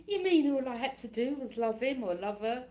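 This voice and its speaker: A woman talks through a tarot reading in a loose, chatty way. Her voice sits a little high, and she laughs often, slipping into other people's voices to act out their lines. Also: warm tone. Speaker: tarot reader. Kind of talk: casual tarot reading to camera.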